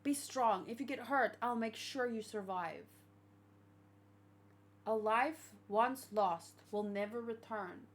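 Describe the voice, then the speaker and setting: A woman voicing an earnest, protective father in a manga read-aloud, speaking low, solemn and slow. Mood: solemn, resolved.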